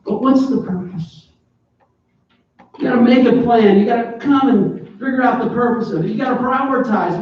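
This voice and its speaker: A man in his forties preaches in an animated, joking way, breaking into sudden loud bursts. His voice sits very high. He sounds far from the mic, dull and thin, in a church hall with heavy echo. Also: a little hiss or hum. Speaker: pastor. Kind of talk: sermon. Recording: echoey, distant, dull church PA recording.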